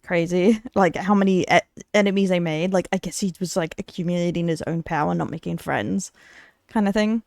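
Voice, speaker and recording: A woman's voice: fairly low pitch, normal speed, creaky, a little mellow, no echo, clean studio sound. A woman from Australia casually commenting on a video she is watching, chatty and giggly with lots of fillers. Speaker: streamer reacting to a video.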